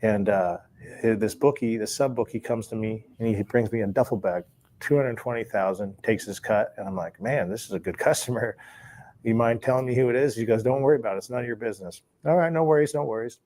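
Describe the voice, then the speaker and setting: A former sports bookie with a fairly low voice tells a long story casually and at a fairly quick pace. Relaxed throughout, he acts out the dialogue he remembers and chuckles between lines.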